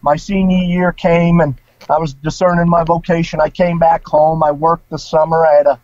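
A man's voice: fairly high pitch, flat delivery, moderate pace, darkish tone, dry recording. A middle-aged man, a former priest, telling his personal story in a casual interview, informal and emotional. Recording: dull lo-fi sound.

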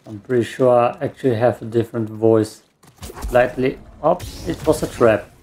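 A native German speaker with a German accent gives rambling, self-mocking let's play commentary, cursing at the game. This gamer's voice is medium-pitched and dark-toned, at normal speed.

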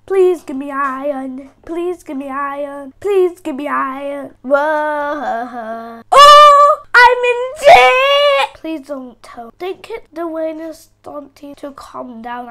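A woman giving casual gameplay commentary, chattering to herself, easily startled and repeating phrases over and over. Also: high-pitched. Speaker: gaming channel host.

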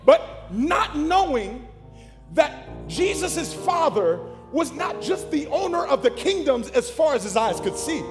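A pastor preaching an animated sermon to his congregation, calling out to the room. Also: very high-pitched, measured pace, big-room sound, music in the background.

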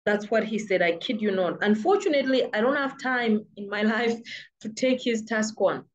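Speaking at a moderate pace in a higher register, this Malawian vlogger with a British-sounding accent gives insistent freelancing advice, repeating words to drive points home. The recording has its highs cut off.

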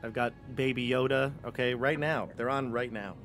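A man's voice: mid-range voice, steady tone, moderate pace. Game master, male, loose and joking, with faint music underneath. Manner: jokey, rambling, many fillers. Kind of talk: running a live tabletop game.

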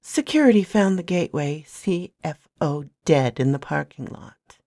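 A woman's voice: sits low, lively intonation, measured pace, warm tone, no room sound, clean studio sound. A woman voicing a haughty female enforcer who talks in a sneering, patronizing way in a storybook reading. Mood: mocking.

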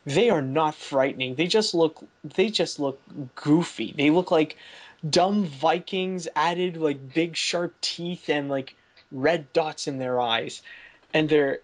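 A man's voice: a little high, slow pace. A man hosting a podcast, chatting casually about a film and rambling with lots of "like" fillers and restarts. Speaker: podcast host. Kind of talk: casual movie review chat.

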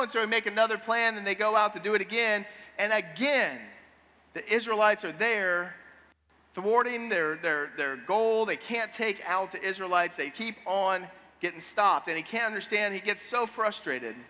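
Bright-voiced male preacher in a reverberant church. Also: sits high, normal speed. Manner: lively storytelling, casual asides. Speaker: pastor. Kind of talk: sermon, retelling scripture. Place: church sanctuary. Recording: long hall reverb.

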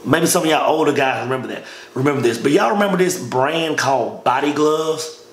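Telling a long tale of army training, a man with a medium-pitched voice speaks briskly in a relaxed, slangy manner. "Man" comes up over and over, and the recording carries echo and faint noise.

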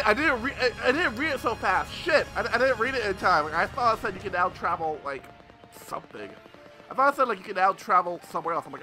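A young man giving loud, profane let's play commentary, yelling at enemies as he plays. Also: sits high, quick pace. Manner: excitable, swears a lot, yells at enemies. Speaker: gameplay commentator. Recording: game music behind the voice.

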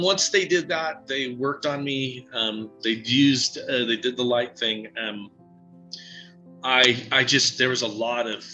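Bright-voiced man telling a halting story. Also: mid-range voice, poor audio. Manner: halting, many fillers and restarts, emotional. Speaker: psychic medium guest. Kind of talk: casual interview storytelling.

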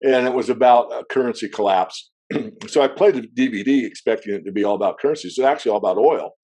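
A man as an interview guest, a metals analyst, explaining at length in a discursive way with frequent throat clearing. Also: mid-range voice, fast, dark tone. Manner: discursive, wanders into asides.

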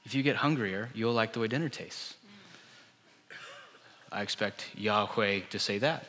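A man's voice: on the low side, a little slow, long pauses, sharp tone, long reverb tail, slight background noise. A male pastor preaching a sermon, telling the story with animation and acting out the voices he quotes. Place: church hall.

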